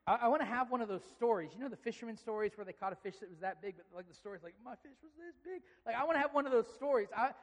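A preacher's voice, pitched in the middle, rings out through a large church hall with a long reverb tail. The talk is a sermon told as a loose, rambling story, and they act out bits of dialogue. Half-started sentences get picked up again as they go. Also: racing, few pauses.

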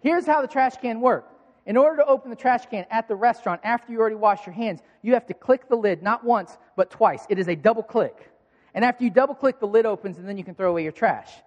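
A man preaching a sermon as a pastor, telling a self-mocking story in a lively way. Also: high voice, fairly quick, muffled recording. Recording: long hall reverb.

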